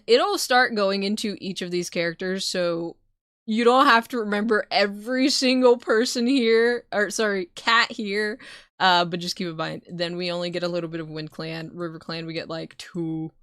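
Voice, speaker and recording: A woman streamer, not a native English speaker, talks casually to her chat with frequent laughs and swearing. Her voice sits in a middle pitch, recorded close and dry with little room sound. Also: a bit bright, clean tone, no room sound. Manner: loose, swearing, laughs often. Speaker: streamer reading a book aloud.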